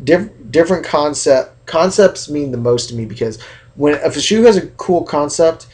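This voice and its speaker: A young man from California talking casually into the camera in a vlog rant, chatty and animated, acting out how other people react. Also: on the high side, normal speed. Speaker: sneaker vlogger.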